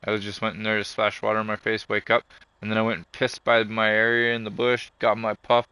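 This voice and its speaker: A foul-mouthed man rambles through a story in casual vlog talk. His voice sits low but bright and clear, with a sharp edge. The sound is close and dry. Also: level tone, fairly quick, no echo. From Canada. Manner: profane, ranting storyteller. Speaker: vlogger.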